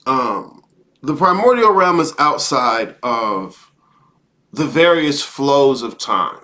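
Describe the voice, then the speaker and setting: A man's voice: medium pitch, big pitch swings, slow pace, sharp tone. A man hosting a live monologue, preaching about time and spirit in a profane, heated rant, often repeating himself and asking "okay?". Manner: repeats words, frequent rhetorical "okay?". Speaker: host.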